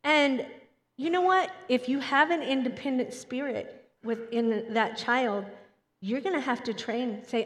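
A woman preaching a Sunday sermon in an animated way, acting out children's voices as she goes. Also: high-pitched, unhurried. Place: church hall. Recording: long hall reverb.

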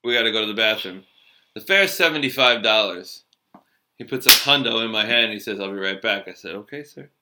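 A man's voice: lowish voice, animated, brisk, very noisy. A middle-aged man telling a loose, profane story from his cab-driving days in a casual chat. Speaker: storyteller, former cab driver.

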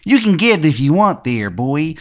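A man's voice: on the high side, very animated, moderate pace, pitched above the performer's own voice. A man voicing a goofy, brash stranger in a question-mark trench coat, in a bad put-on Maryland accent, calling everyone "boy" and "hun". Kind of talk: improvised comedy character.

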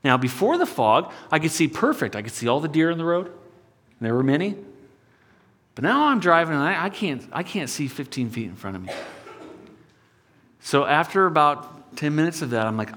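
Animated preacher in a reverberant hall. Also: male voice, on the high side, normal speed, long pauses. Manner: storytelling with sudden swings from loud to hushed. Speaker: pastor. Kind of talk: sermon.

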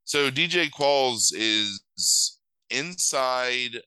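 A man's voice: medium pitch, lively intonation, extremely slow, pushed and bright, clean tone, no echo, poor audio. A man who is sick with a cold, recapping a film in casual, profane chat, rambling and correcting himself as he goes. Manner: rambling, crude, self-correcting retelling. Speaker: podcast co-host recapping a film.

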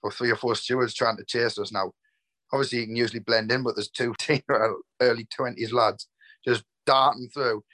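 Bloke on a podcast, rattles off a funny memory, swears a bit. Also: male voice, mid-range voice, steady tone, bright, forceful tone. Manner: quick, laughing, swears casually. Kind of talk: casual storytelling chat.

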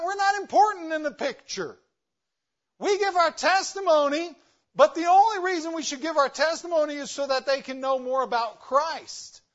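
High-voiced, lively man preaching. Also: muffled recording. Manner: emphatic, rhetorical questions, varies loudness for stress. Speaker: guest preacher, missionary. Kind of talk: sermon. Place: church.

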